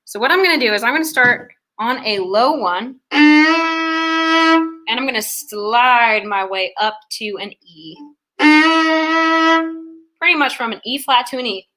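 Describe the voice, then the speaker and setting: A woman's voice: a little high, animated, moderate pace, pauses often, pushed and bright, faint music behind. A young woman giving an online fiddle lesson, explaining ornaments step by step and counting beats aloud. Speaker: fiddle teacher. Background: fiddle playing.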